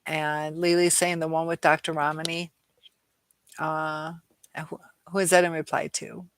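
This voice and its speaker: Hosting a live chat while tired and dizzy, a woman reads viewer comments aloud, stumbling through fillers and restarts. She has a deep voice with little pitch movement, a slightly slow pace, and there's a bit of hiss or hum.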